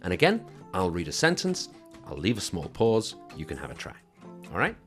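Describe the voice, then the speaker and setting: A man's voice: sits low, wildly swooping pitch, normal speed, over music. A man teaching English exam speaking skills, explaining a sample answer in an encouraging, instructive way and checking in with his listeners.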